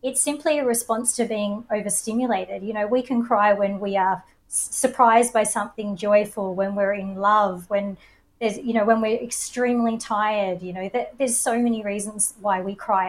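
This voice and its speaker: A woman's voice: mid-range voice, fairly even intonation, moderate pace, rough recording. A woman with an Australian accent, a coach and presenter, explaining ideas with confident enthusiasm. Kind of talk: explanatory podcast talk.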